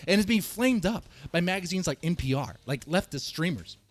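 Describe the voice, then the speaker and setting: A man delivering a heated rant on a commentary show, in a fairly high voice that swoops up and down widely. He presses his points hard, repeats himself and at times breaks into a shout. Faint music plays behind him. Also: lively intonation, fairly quick, dry recording. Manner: heated and emphatic, rising to shouts, with repeats and restarts. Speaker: host of a reaction and rant channel. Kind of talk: ranting political commentary.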